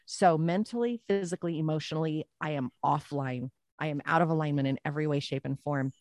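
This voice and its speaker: A woman guest telling a personal story in a casual podcast chat, animated and repeating phrases for emphasis. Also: sits low, quick pace, dry recording.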